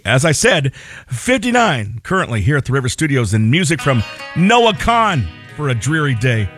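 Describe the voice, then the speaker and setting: A man's voice: mid-range voice, very animated, normal speed, a bit bright, soft background music. A man hosting a morning radio show, chatting casually and self-deprecatingly with plenty of fillers between announcements. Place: radio studio. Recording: dry studio sound.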